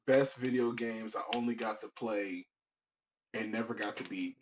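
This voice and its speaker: A man's voice: lowish voice, fairly even intonation, normal speed, muffled recording, background noise. A young man hosting his own podcast in a casual, rambling way, full of slang and restarts. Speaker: podcast host. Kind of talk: casual solo podcast chat.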